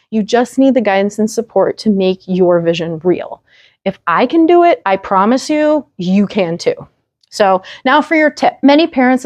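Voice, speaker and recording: This parenting advice vlog features its female host addressing viewers directly, earnest and encouraging. She speaks in a fairly high, slightly mellow voice, recorded without room sound.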